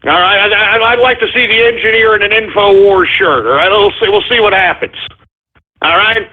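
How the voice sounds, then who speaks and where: A man hosting a comedic call-in radio show, theatrical and exasperated, with mock whining and shouting. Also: high-pitched, moderate pace, a little hiss or hum. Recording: tinny lo-fi broadcast.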